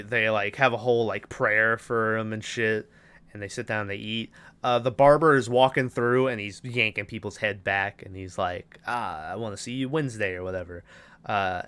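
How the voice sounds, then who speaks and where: Bright-voiced man casually retelling a movie. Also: mid-range voice, clean tone. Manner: loose, profane plot retelling with quick put-on character voices. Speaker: podcast host recapping a film. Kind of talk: casual chat.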